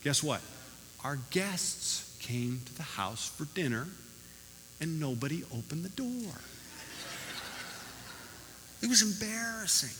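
Male pastor, emphatic sermon delivery, high bright voice, long church reverb with faint room noise. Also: slow, pauses often. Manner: animated, emphatic preaching. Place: church hall.

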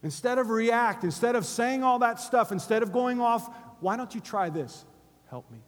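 A middle-aged male pastor preaching a sermon in a church, moving between hushed conversational asides and loud urgent exhortation. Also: very high voice, normal speed. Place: church sanctuary. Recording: long hall reverb.

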